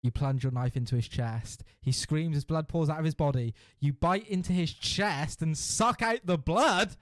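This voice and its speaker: A fairly high-voiced man reads a generated adventure aloud in a loose podcast chat, cracking up and swearing as he goes. The sound is dry and close, with no room around it. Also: moderate pace, no room sound. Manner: laughs often, swears freely, playful. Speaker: podcast host. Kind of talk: casual chat, reading a generated story aloud.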